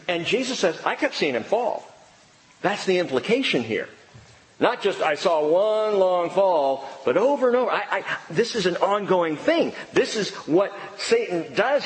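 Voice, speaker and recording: A man preaching an expository sermon, emphatic and animated, swinging between excited and low earnest tones. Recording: long reverb of a large hall.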